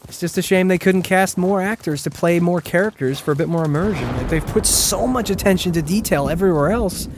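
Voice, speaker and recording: A man's voice: sits high, fairly quick, background noise. A man streaming a game live, chatting casually and rambling with lots of "like" as he plays. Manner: chatty, rambling, heavy use of "like". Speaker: gaming streamer. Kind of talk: casual live gameplay commentary.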